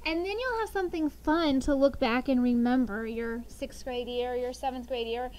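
A middle-aged woman teaching a sixth grade class, talking lively and telling funny family stories to the students. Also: high-pitched, normal speed, a little hiss or hum, rough recording. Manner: lively, animated storytelling. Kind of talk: classroom lesson with storytelling.

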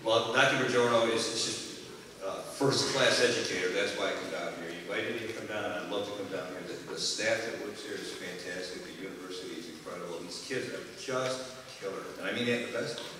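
A bandleader giving rambling, joking stage banter between tunes at a live concert, chuckling often. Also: male voice, on the low side, quick pace. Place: concert hall with an audience. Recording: echoey hall from far off, noisy.

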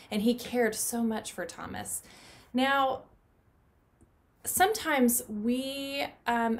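A woman teaching a children's Bible lesson from her home playroom, talking gently to the kids and asking them questions. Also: fairly high pitch.

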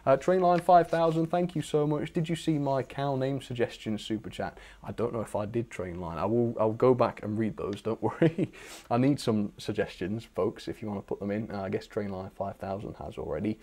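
A man's voice: on the low side, brisk, mellow. A young British man hosting a live stream, chatting enthusiastically as he reads out viewer messages and shows their pictures. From Britain. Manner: chatty, enthusiastic, self-deprecating asides. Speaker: channel host reading viewer requests. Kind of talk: casual live-stream chat.

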